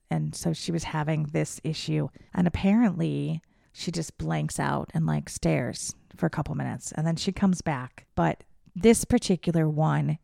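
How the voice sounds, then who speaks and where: In a low, gravelly, dark voice, a young woman podcast host shares a personal story with open candor, cursing freely and performing the voices of the people she quotes. Clean studio sound, no echo.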